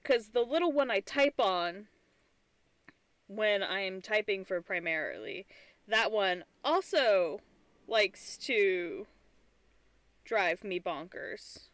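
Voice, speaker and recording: A woman's voice: medium pitch, big pitch swings, slow, pauses often, fairly bright tone, no echo. A tired woman streamer chatting casually and rambling, with frequent restarts and giggly asides. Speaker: streamer and artist. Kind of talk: casual live-stream chat.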